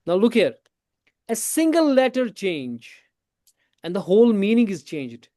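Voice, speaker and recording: A man teaching a tajweed class in a classroom. He explains slowly, asks his students questions, repeats his points and switches into Hindi now and then. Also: high-pitched, big pitch swings, warm tone, no room sound, studio quality. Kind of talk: classroom lesson.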